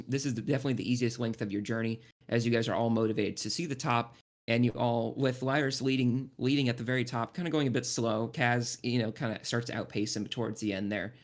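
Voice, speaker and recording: A man's voice: medium pitch, fairly even intonation, fairly quick, hardly any pauses. A man running a tabletop game as game master, narrating loosely with many restarts and frequent laughter.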